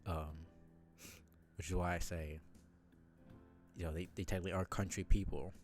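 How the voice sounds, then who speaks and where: A man's voice: sits low, steady tone, normal speed, soft background music. A man streaming a game live, chatting in a rambling, self-deprecating way with lots of fillers.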